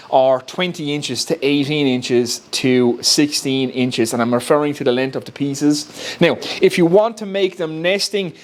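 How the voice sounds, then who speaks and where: A man with an Irish accent casually talking through a woodworking build step by step, recorded in his home workshop. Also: on the high side. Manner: chatty, explains step by step, laughs at himself. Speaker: woodworking YouTuber.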